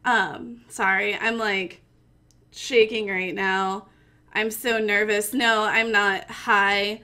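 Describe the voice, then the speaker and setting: A woman's voice: medium pitch, little pitch movement, slow, sharp tone. A young woman streamer from Missouri giving a gushing, giggly mock acceptance speech, pretending to hold back tears.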